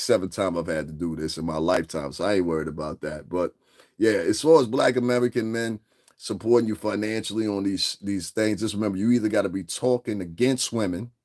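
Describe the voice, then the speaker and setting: A man's voice: on the low side, a little fast, darkish tone. Boastful middle-aged man ranting on a livestream. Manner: boastful, profane, keeps asking "you understand what I'm saying"; laughs often mid-sentence. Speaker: livestream host. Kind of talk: casual livestream rant.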